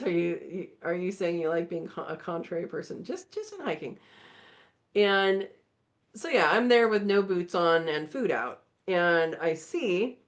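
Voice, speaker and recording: A woman hosting a live chat, telling a story in a casual, animated way and acting out the voices. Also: lowish voice, muffled recording. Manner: animated, acts out voices in her stories. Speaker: channel host.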